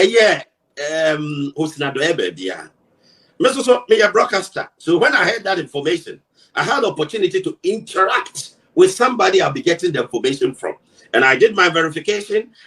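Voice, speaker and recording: A Ghanaian man, a broadcaster, giving forceful political commentary, firing rhetorical questions and mixing English and Twi. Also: high-pitched, distant mic, rough recording.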